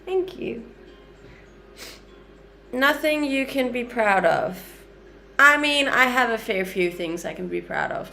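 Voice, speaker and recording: Woman, 30s, mixed Danish/Canadian/Australian accent, mid-pitched, slightly gravelly, chatty livestream host. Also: sharp tone. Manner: upbeat, chatty, frequent light laughs. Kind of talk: casual livestream chat answering viewer comments. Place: home kitchen.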